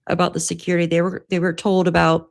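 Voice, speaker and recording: A woman's voice: lowish voice, completely flat delivery, fast, vocal fry. A woman hosting a casual livestream from home, chatty and laughing often, swearing freely. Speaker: livestream host. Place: at home by her computer.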